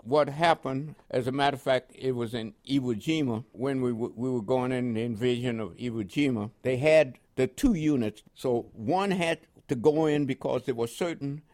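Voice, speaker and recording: A man's voice: mid-range voice, warm tone. An older man recounting his wartime service in an oral history interview, rambling and chuckling, with frequent repeated words. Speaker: war veteran interviewee.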